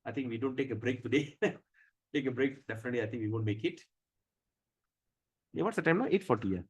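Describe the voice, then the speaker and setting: A man giving a religious class lecture. He asks rhetorical questions and pauses to search for words. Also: medium pitch, lively intonation. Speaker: spiritual teacher.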